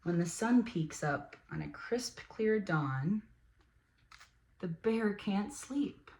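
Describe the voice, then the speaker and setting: A woman reading a children's picture book aloud as host, animated, with playful sound effects and asides to her listeners. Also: mid-range voice, slow pace, slight background noise. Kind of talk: storybook read-aloud for children.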